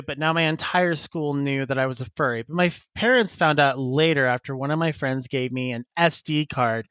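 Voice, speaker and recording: A man's voice: fairly high pitch, steady tone, normal speed, few pauses, sharp tone, clear, resonant tone, no room sound. Chatty giggly man on a podcast. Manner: laughs often, chatty and rambling. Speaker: podcast co-host. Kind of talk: casual chat, reading listener emails.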